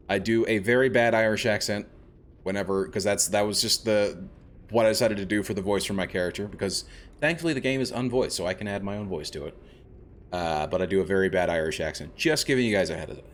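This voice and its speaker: A man's voice: fairly low pitch, a little hiss or hum. A man doing rambling, casual commentary on his game stream, chuckling often. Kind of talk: casual let's-play commentary.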